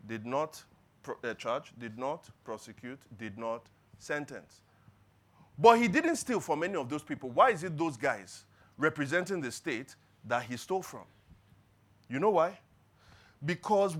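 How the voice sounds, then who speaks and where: A man preaching a sermon in church, asking rhetorical questions and building to loud emphatic peaks before dropping low. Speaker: pastor.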